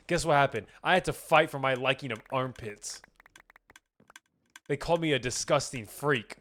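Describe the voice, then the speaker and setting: A man's voice: mid-range voice, a little fast, a bit bright. A young man streaming a game, chatting casually and reading chat aloud, rambling and swearing, with keyboard typing behind him.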